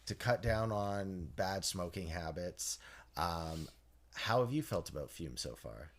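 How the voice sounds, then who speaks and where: A man co-hosting a podcast in casual chat, rambling and correcting himself as he goes, quick to laugh. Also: sits low, lively intonation. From Canada. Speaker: podcast co-host.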